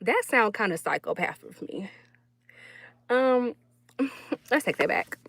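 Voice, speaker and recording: A woman's voice: on the high side, expressive, takes it slowly, creaky, fairly bright tone, no echo. A young woman vlogger, chatting casually to her viewers and laughing often. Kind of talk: casual storytelling chat.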